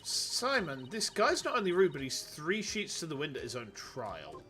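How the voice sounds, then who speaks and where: A man's voice: fairly high pitch, wildly swooping pitch, moderate pace, a bit bright, faint music behind. A man voicing a spirited young woman defense lawyer who talks in a brash, determined way. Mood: indignant.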